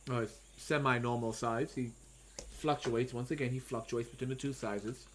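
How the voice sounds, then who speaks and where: A man and comic artist giving casual livestream commentary, thinking aloud as he draws with frequent pauses and self-talk. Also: mid-range voice, fairly even intonation, a little hiss or hum. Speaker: comic artist streaming his drawing.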